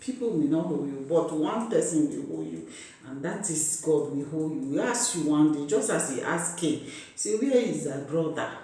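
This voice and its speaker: A man's voice: a little high, lively intonation, moderate pace, a little mellow. A man making an impassioned, pleading appeal to his viewers, repeating himself like a preacher. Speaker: vlogger. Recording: very echoey room, far from the mic.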